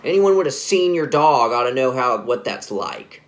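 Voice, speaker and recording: A man's voice: medium pitch, big pitch swings, normal speed. Casual rambling male storyteller. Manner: casual, rambling, self-correcting. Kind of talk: spoken scary story narration.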